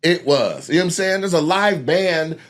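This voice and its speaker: Man, guest comedian, from Washington State, casual storytelling, animated, profane, mimics others, slightly high voice. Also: moderate pace.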